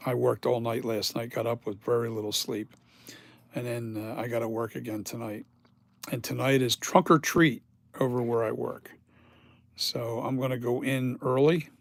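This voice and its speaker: A man's voice: medium pitch, fairly even intonation, moderate pace, vocal fry, no echo. A tired middle-aged man who makes masks rambles casually to his viewers, filming himself on a phone camera in his home workshop. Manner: rambling, talks straight to viewers. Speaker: mask maker. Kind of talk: casual vlog chat.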